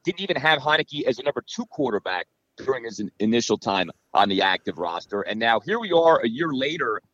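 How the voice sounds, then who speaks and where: Male guest analyst, chatty and lively, dry and slightly muffled recording. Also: mid-range voice, fairly quick, no room sound. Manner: animated, analytical, many fillers. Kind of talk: casual podcast chat.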